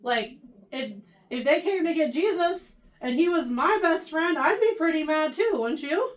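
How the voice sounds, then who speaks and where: A woman teaches a youth Bible class in a church, her voice pitched high and set a little back from the microphone. She reads scripture aloud, then retells it in plain everyday words. She keeps checking in with the teens through quick questions. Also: animated. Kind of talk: casual Bible lesson to teens. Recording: voice picked up from a distance.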